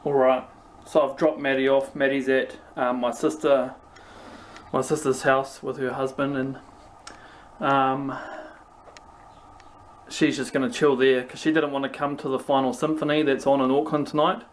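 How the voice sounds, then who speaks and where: A man's voice: mid-range voice, level tone, normal speed. A man with a New Zealand accent who talks casually in a vlog, rambling with many ums. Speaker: vlogger. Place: outdoors, then a busy theatre. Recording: loud background noise.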